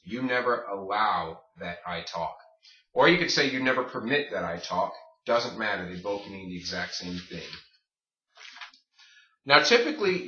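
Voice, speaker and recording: A man's voice: mid-range voice, pushed and bright. A man teaching a Spanish grammar lesson, explaining step by step and asking his class rhetorical questions. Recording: distant, roomy, muffled.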